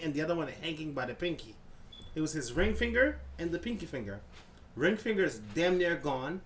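Animated profane man telling stories. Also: on the high side, slight background noise. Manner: animated, profane, acts out scenes with sound effects. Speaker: podcast co-host. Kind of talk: casual storytelling chat.

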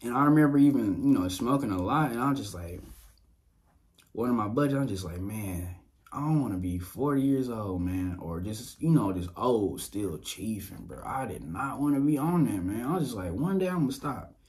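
A young man from Louisiana hosting a podcast, sharing a casual personal testimony, animated and laughing often as he talks straight to his listeners. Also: medium pitch, normal speed. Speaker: podcast host. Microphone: dynamic mic on boom arm.

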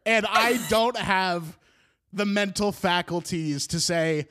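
A man in his twenties casually telling a funny personal story on a podcast, animated, laughing through his words and swearing freely. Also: sits high, takes it slowly, clean tone. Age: 20s.

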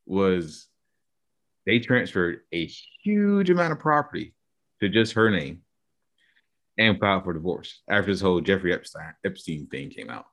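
A man's voice: deep voice, very animated, normal speed, fairly bright tone. A man co-hosting a podcast in casual chat, argumentative and given to spelling out long theories. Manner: argumentative, lays out theories at length. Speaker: podcast co-host.

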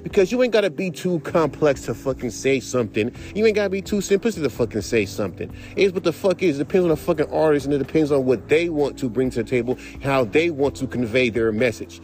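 A man's voice: medium pitch, expressive, fast, few pauses, darkish tone, a little hiss or hum. A man hosting his own podcast, ranting in a heated, rambling and profane way. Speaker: podcast host; rapper. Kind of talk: casual rant podcast.

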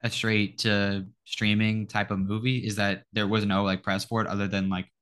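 A young man co-hosting a podcast, speaking in a fairly low voice. His talk is animated and loose, full of "like" and "you know" as he riffs on films and sports. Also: moderate pace. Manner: animated, lots of filler words, mimics film voices. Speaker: podcast co-host. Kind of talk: casual chat.

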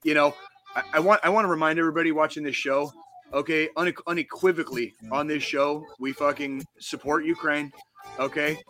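A man co-hosting a casual podcast, ranting with heated, profane energy and restarting his sentences often. His voice is bright and forceful and sits a little high for a man. Faint music plays underneath. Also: fairly even intonation, fairly quick. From United States. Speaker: podcast co-host.

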